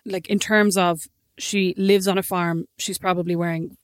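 Animated, indignant Irish woman. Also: fairly low pitch, normal speed, no echo, studio quality. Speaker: podcast co-host. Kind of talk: casual chat.

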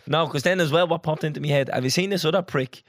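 A man's voice: fairly high pitch, fast talker, no echo, clean studio sound. A man with a Dublin accent co-hosting a podcast, chatting casually in a blunt, swearing, storytelling way. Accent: Irish, Dublin. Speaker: podcast co-host. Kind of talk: casual chat.

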